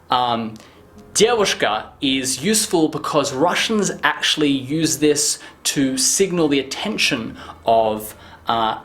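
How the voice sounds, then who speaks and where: A man giving a casual language lesson, jumping high in pitch when acting out example phrases. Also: fairly bright tone. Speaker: language teacher.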